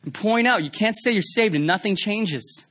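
A man preaching a sermon in a conversational, animated way, asking the congregation rhetorical questions. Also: sits high, normal speed. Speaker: pastor.

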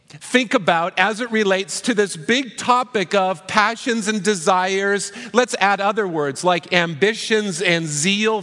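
A man's voice: sits high, fairly bright tone, in a large hall. A man preaching a sermon as pastor, conversational, with rhetorical questions.

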